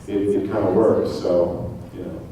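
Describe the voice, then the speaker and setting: A man, a voice actor on a convention panel, telling anecdotes in a relaxed way with chuckles. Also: low-pitched, a little slow, distant mic, a little hiss or hum. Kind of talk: casual panel talk. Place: large convention hall. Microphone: far from the camera mic. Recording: echoey hall recorded from the audience.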